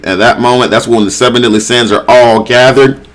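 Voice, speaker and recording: A man's voice: mid-range voice, steady tone, brisk. A man giving a casual, rambling recap of a comic chapter, reading out character lines with lots of filler words. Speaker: manga reviewer.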